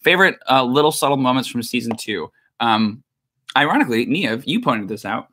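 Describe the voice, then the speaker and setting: A young man hosting a casual livestream Q&A, chatty and animated, reading viewer comments aloud and laughing often. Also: medium pitch, fairly quick. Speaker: show creator and host.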